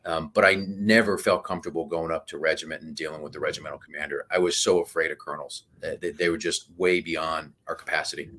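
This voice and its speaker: A man in his fifties, a podcast guest telling animated stories in casual conversation. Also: rumbling low, fast, few pauses.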